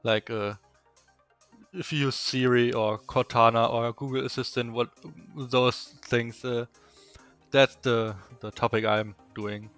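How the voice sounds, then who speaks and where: A young man from Eastern Germany with a strong German accent, a native German speaker, chatting as a podcast guest and telling stories haltingly with many fillers. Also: mid-range voice, little pitch movement, fairly bright tone, clean tone, soft background music. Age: young adult. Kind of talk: casual interview chat.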